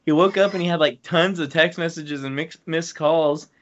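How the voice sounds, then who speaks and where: A man's voice: on the high side, moderate pace. A man retelling a friend's funny story to his buddies on a podcast, chuckling as he goes. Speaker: podcast co-host. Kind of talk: casual storytelling among friends. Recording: muffled lo-fi podcast audio.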